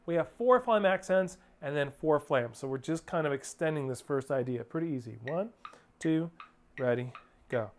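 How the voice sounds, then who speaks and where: This drum lesson comes in a fairly high, expressive voice that moves a little fast with hardly any pauses. The instructor patiently calls out counts and stickings as he teaches rudiments step by step, and clicking is clearly audible in the background.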